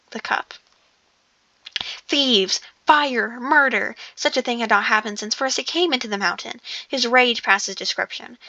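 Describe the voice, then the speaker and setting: A woman's voice: on the high side, sharp tone, no room sound, muffled recording. A woman casually reading a novel aloud, often stumbling over words, restarting sentences and breaking off for joking asides. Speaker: audiobook reader.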